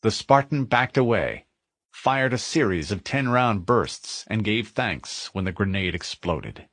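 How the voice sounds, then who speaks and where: A man narrating a military science-fiction audiobook in a vivid, expressive storytelling manner. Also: on the low side, a little slow, no room sound, clean studio sound.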